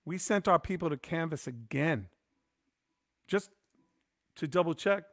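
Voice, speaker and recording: A man hosting a podcast, recounting a story in easy, casual chat. His voice sits a little high for a man and is recorded close and dry with no room sound. He slips into the voices of the people he quotes as he goes. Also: a little slow, dry recording. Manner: animated, acts out quoted voices. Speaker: podcast host.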